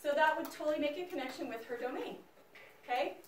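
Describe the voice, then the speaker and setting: A woman teacher lecturing her class in an animated, chatty way, speaking straight to the students. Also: high voice, fast. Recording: echoey classroom, mic far off.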